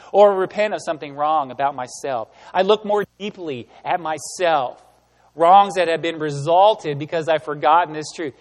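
A man giving a sermon as pastor, animated and emphatic, asking the room rhetorical questions. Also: sits high, long reverb tail. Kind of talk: sermon teaching.

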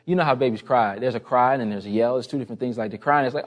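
A man preaching a sermon, telling a personal story in a conversational way and building to an impassioned appeal. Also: racing. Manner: impassioned, rising in pitch and volume toward the end. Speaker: pastor.

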